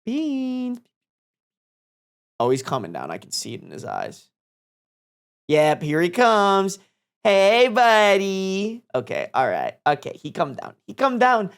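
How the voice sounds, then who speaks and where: A man's voice: mid-range voice, wildly swooping pitch, unhurried, gravelly, long pauses, dry recording, studio quality. A man streaming live from home, chatting casually and cooing in playful baby talk to his cat, swearing freely. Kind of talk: casual livestream chat.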